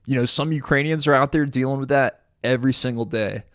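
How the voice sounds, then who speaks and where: Male veteran, mid-pitched, lively slangy raconteur, dry close recording. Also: quick pace, dry recording. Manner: animated storyteller, slang like "dude", laughs a lot. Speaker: military veteran telling war stories. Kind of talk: casual podcast storytelling.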